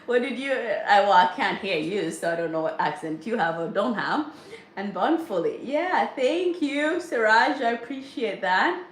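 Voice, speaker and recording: A woman's voice: mid-range voice, lively intonation, measured pace. A middle-aged woman hosting a casual livestream from her home kitchen, chatting with viewers and reading their comments while she cooks. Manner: chatty, reads viewer comments aloud, frequent laughs. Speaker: livestream host, mother of a large family. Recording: echoey kitchen with faint noise.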